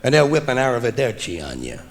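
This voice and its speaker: A man doing a stand-up comedy routine on stage, with a wry, deadpan delivery that builds to loud punchlines, recorded live for a vinyl album. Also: medium pitch, quick pace. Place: theater stage before an audience. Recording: live vinyl recording with long hall reverb and audible audience.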